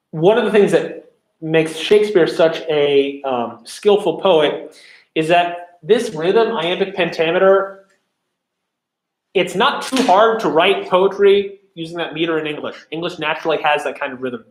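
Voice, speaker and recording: A man's voice: a little high, measured pace. A man teaching a lesson on Shakespeare, explaining step by step with many fillers and restarts, and reading verse aloud. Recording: echoey room.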